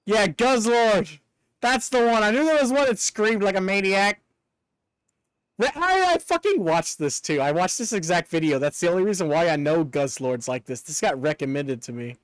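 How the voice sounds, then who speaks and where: High, animated male streamer. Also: normal speed, smooth, no room sound. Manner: excitable, swears, bursts into laughter. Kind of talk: casual live-stream chat.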